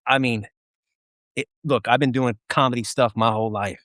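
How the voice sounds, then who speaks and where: A man co-hosting a casual chat, telling an army story in an animated, profane way with frequent laughter. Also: mid-range voice, moderate pace, dry recording, clean studio sound. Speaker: podcast co-host.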